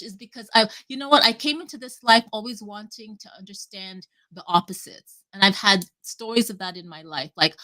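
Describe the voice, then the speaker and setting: Speaking at a moderate pace in a medium-pitched voice, a woman chats casually and at length as a guest speaker on a live audio chat. She's animated and rambling, often cutting herself off and swearing without restraint.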